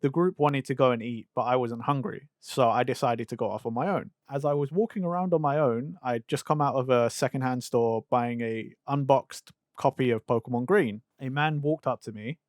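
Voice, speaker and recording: A young man from England co-hosting a podcast, telling an anecdote in a quick, wry casual way. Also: medium pitch, no echo, clean studio sound. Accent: English. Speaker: podcast co-host. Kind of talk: casual storytelling.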